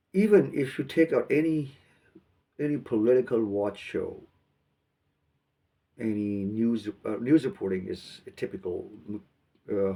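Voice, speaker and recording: A man from Pakistan, giving halting commentary on a video and repeating words as he thinks. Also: on the low side, gravelly, dark tone, breathy edge, distant mic.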